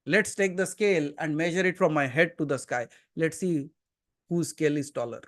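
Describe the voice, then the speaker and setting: An Indian-accented man leads a satsang from his seat before a gathering, his voice sitting unusually high for a man. He preaches in an earnest, emphatic way, firing rhetorical questions at his listeners and now and then slipping into Hindi. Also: moderate pace, a bit bright. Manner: switches into Hindi mid-talk. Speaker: spiritual teacher. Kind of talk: satsang sermon.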